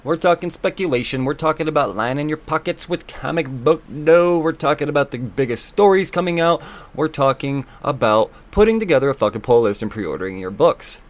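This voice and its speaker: A man hosting a solo podcast, talking loosely and excitably, swearing often and filling gaps with ums and uhs. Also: a little high, fairly quick. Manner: loose, profane and excitable, with many fillers. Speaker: podcast host. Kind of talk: casual solo podcast talk.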